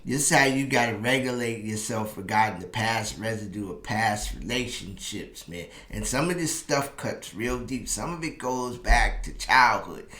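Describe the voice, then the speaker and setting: Bright-voiced man in his fifties, roomy sound. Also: on the low side. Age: 50s. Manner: animated storytelling, then slower and more emotional reflection. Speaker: relationship advice channel host. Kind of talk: personal storytelling monologue to camera. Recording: roomy echo.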